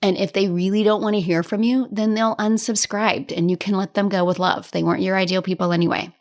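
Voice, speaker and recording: Woman host, mid-range voice, talking straight to listeners like a friend; lively, tough-love coach. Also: medium pitch, brisk. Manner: chatty and animated, laughs often; tough-love directness, casual swearing. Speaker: podcast host and business coach. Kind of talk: casual solo podcast talk.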